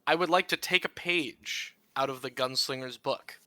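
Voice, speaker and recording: A man's voice: medium pitch, normal speed, pushed and bright, dry recording. A man playing a tabletop game, thinking aloud and restarting his sentences as he plans his move. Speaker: player. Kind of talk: casual tabletop game play.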